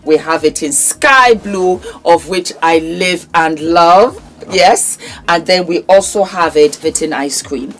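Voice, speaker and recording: Slow, low-voiced gushing woman host. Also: soft background music. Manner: gushing, affectionate, calls viewers darling. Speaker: vlog host. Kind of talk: casual product promotion.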